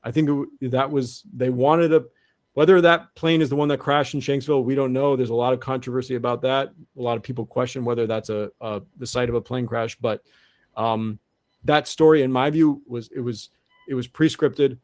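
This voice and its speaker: Male guest, earnest and halting, middle pitch, dry recording. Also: fairly even intonation, darkish tone, no echo. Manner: earnest, repeats and restarts often. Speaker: guest researcher. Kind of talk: interview monologue.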